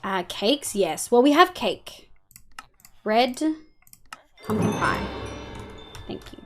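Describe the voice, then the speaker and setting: A woman's voice: fairly high pitch, big pitch swings, takes it slowly, gravelly, pauses often, soft background music. An Australian woman live-streaming a game, chatting casually with viewers, thinking aloud and swearing freely. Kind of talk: casual gameplay chat answering viewers.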